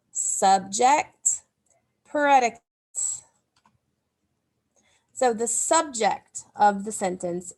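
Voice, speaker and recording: A woman teacher takes a class of young pupils through a grammar lesson at an unhurried pace. She explains each step patiently and asks the children to say the words along with her. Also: medium pitch, darkish tone. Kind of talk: recorded remote phonics lesson.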